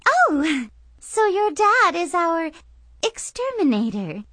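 A woman's voice: very high-pitched, big pitch swings, takes it slowly, fairly bright tone, no room sound, pitched above the performer's own voice, heavily acted. A woman voicing a frantic, flustered middle-aged lady of a fancy house, talking in a fluttery rush.

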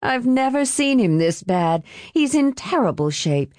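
A female narrator doing a prim, tightly wound middle-aged woman who scolds and defends herself in a high, strained voice. Her pitch climbs well above the narrator's own and jumps around sharply. The reading is close and dry, with no room sound. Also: very animated, measured pace, darkish tone, dry recording. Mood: pleading.

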